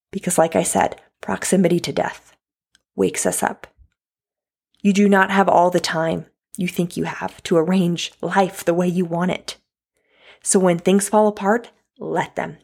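A woman's voice: on the low side, vocal fry, darkish tone, slightly rough. A woman in her thirties talking straight to the listener in an earnest, heartfelt motivational monologue. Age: 30s. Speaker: podcast host.

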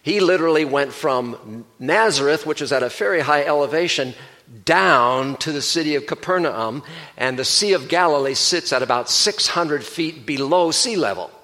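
A male pastor giving a sermon, explaining a Bible passage in a measured, teaching manner. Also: a little high, lively intonation, bright, forceful tone.

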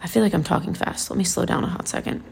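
Gravelly-voiced woman chatting casually. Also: lowish voice, fast, a little hiss or hum. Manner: chatty, rambling, many fillers and restarts. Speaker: lifestyle vlogger. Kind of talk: casual vlog chat.

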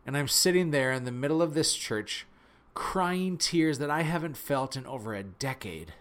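A man from North Dakota with a Midwestern accent, telling a personal story in an animated, earnest, self-deprecating way. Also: fairly high pitch, normal speed. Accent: Midwestern American. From Fargo, North Dakota.

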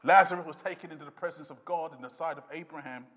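A man's voice: fairly high pitch, fast, a bit bright, long reverb tail. A man preaching a sermon, quoting scripture dramatically with rising intensity. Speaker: pastor.

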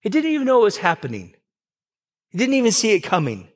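This Southern California pastor delivers his sermon at a quick pace and talks like he's in conversation, with lots of fillers and restarts. His pitch swoops wildly, especially when he acts out quoted lines.

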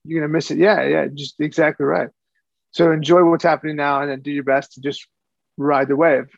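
Podcast co-host, male, gravelly and a bit high, rambling casual chat, dry dull recording. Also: steady tone, brisk, no room sound. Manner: rambling, repeats words while thinking.

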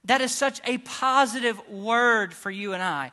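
Preacher guy, real high voice, fiery sermon that swings loud to hushed. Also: measured pace. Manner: impassioned, rising to shouts and dropping to hushed tones.

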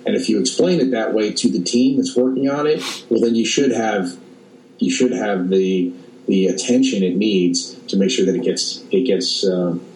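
A man in casual business talk, speaking haltingly with many restarts and repeated words. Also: on the low side, a little mellow, far from the mic. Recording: echoey room, off-mic.

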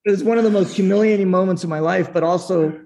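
A middle-aged screenwriter telling candid stories in an interview, acting out quotes and laughing often. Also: male voice, high voice, fast. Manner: animated storyteller, acts out quotes, laughs often. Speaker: screenwriter guest.

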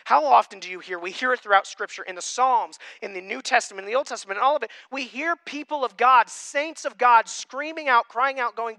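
Emphatic high-voiced male preacher. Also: fast talker, hardly any pauses, dry recording. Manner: emphatic, swings from loud to quiet. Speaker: pastor. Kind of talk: sermon.

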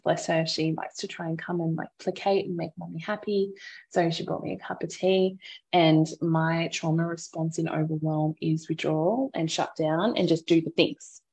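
A woman hosting a podcast, candidly recounting a hard parenting moment and offering gentle advice to listeners. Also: deep voice, creaky, breathy edge. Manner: open, reflective storytelling with frequent laughter. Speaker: podcast host and mother. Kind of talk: candid personal podcast talk.

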